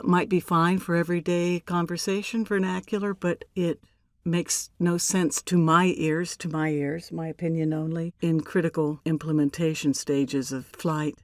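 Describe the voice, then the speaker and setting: An older woman, a voice actor, telling stories in an interview in a measured, deliberate way with emphatic pauses. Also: low-pitched, no echo, studio quality. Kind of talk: relaxed interview storytelling.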